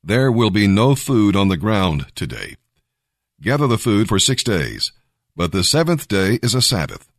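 Moses, read by a man, stern and low. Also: very animated, unhurried, no room sound, clean studio sound, exaggerated voice. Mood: instructing. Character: Moses, stern elderly male leader.

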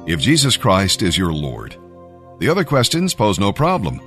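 A man narrating a scripted devotional Bible reading, measured and emphatic. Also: on the low side, wildly swooping pitch, a bit bright, soft background music.

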